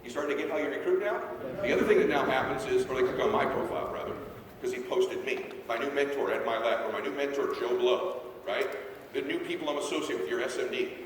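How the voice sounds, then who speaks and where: A man's voice: mid-range voice, fast, a little hiss or hum. A man giving a brash, pushy motivational talk to a sales team onstage, often asking the crowd if they are following. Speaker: motivational speaker. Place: large hall, stage at a live event. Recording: very echoey hall, voice from far off.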